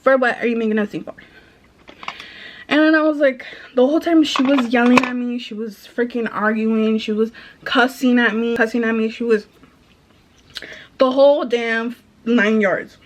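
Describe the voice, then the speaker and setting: A woman's voice: a little high, fairly even intonation, normal speed, slight background noise. A young adult woman telling a frustrated, casual storytime about a retail job, swearing freely. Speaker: vlogger, retail manager.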